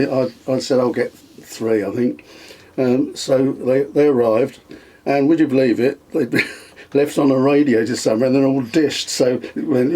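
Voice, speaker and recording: An older man, reminiscing in conversation, telling anecdotes with frequent chuckles and halting fillers. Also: medium pitch, a little mellow, slightly rough. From England. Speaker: guest, storyteller.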